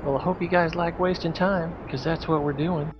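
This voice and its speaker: A man's voice: fairly high pitch, fairly even intonation, normal speed, over music. A man streaming a space game, thinking aloud in a chatty, jokey way as he plays. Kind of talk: casual gameplay commentary. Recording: dull lo-fi stream audio with hiss.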